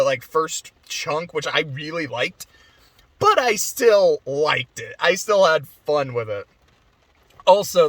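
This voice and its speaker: A man's voice: sits high, a bit bright, no room sound. A man giving a casual, rambling movie review, chatty with many fillers and frequent laughs.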